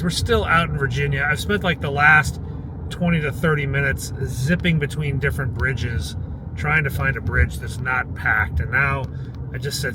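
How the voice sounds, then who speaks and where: A man from the United States chatting straight to his viewers in a casual vlog while out walking and driving. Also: medium pitch. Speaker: vlogger. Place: outdoors on city streets and in a car. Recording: outdoor street and traffic noise.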